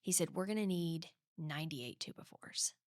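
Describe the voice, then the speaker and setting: A woman's voice: low-pitched, moderate pace, dry recording, clean studio sound. A woman guest in an interview, telling stories with animation and acting out the voices of the people in them. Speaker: guest author. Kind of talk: conversational storytelling interview.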